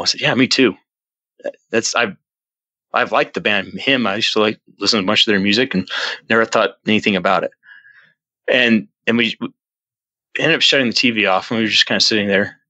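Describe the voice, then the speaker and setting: Low-voiced man, forceful and dry. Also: dry recording, rough recording. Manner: earnest, rambling retelling with frequent restarts and fillers; acts out his own quoted lines in a jumpy, raised voice. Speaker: podcast guest. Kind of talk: casual storytelling in an interview.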